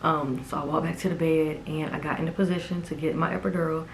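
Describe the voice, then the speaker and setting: A woman's voice: low-pitched, fairly even intonation, fast, slight background noise, rough recording. A woman in her twenties telling a personal story to camera in a casual, emphatic way. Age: 20s. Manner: casual and emphatic, with many "like"s and "okay?". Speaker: vlogger.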